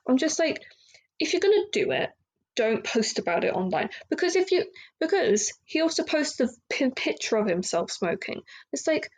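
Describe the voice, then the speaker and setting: Young woman podcast host, slightly high voice, candid, rambling, filler-heavy. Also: a little mellow, low-quality recording. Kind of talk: casual solo podcast monologue.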